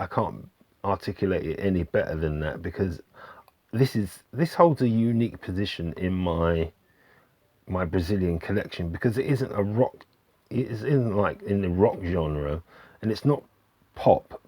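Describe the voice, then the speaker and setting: A man hosting his own channel, chatting casually about albums he has been playing, with lots of ums, pauses and restarts in an easygoing way. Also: low-pitched, darkish tone, no echo. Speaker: vinyl album reviewer, channel host. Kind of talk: casual album review to camera.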